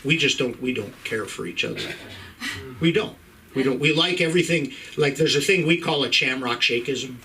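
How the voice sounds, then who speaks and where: A man's voice: mid-range voice, normal speed, bright, forceful tone, recorded from a distance, a little hiss or hum, rough recording. A middle-aged man from Ireland doing a profane stand-up set in a comedy club, working the crowd with stammering restarts.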